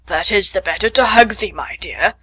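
A woman voicing a wicked male wolf who pretends to be a grandmother, speaking low and falsely soft. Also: moderate pace, breathy edge. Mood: falsely sweet.

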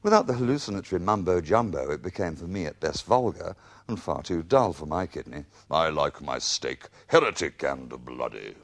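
A man's voice: low voice, animated, normal speed. An English man telling a spoken-word memoir in wry, ornate, theatrical language. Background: instrumental music.

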